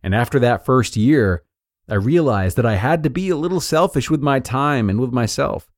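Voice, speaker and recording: A man hosting a podcast, reading an article aloud in an earnest, measured way. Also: medium pitch, animated, no echo, clean studio sound. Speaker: podcast host and narrator.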